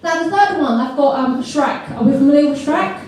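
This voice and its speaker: High-voiced woman teaching in an echoey hall. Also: normal speed, distant mic. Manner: lively, asks the audience questions, mimics accents. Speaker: teacher leading a seminar for teachers. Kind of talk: interactive teaching talk.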